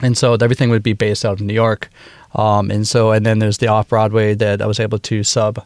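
A man in his thirties from Wisconsin with a Midwestern American accent, talking casually as a guest in a radio interview, relaxed and full of fillers. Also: fairly low pitch, fairly quick, no echo, studio quality. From Wisconsin, USA. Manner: relaxed, chatty, laughs easily, many fillers. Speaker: bandleader and woodwind player, guest.

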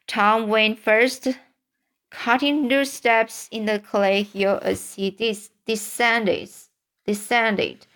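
Slow, halting woman reading a storybook. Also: fairly high pitch, fairly even intonation, a bit bright. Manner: halting, frequent stumbles and restarts. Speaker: audiobook reader. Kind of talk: storybook read-aloud.

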